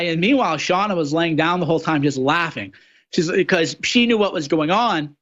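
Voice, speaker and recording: A man's voice: a little high, fairly quick, a bit bright, highs cut off. A man guest-hosting a political talk show, delivering a mocking monologue that slips into sneering impressions of his opponents. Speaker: radio show guest host.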